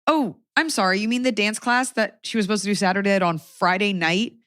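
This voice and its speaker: A woman's voice: medium pitch, brisk, fairly bright tone, dry recording, clean studio sound. A woman in her thirties hosting a podcast, telling a comic story in a sarcastic, exasperated way. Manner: sarcastic, exasperated anecdotes with quoted asides. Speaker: podcast host. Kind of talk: comedic storytelling chat.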